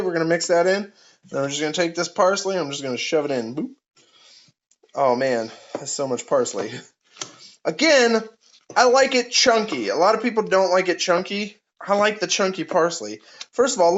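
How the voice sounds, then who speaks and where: A man telling jokes and cooking on a casual live stream, playful, with goofy sound effects. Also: a little high. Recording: dull lo-fi audio.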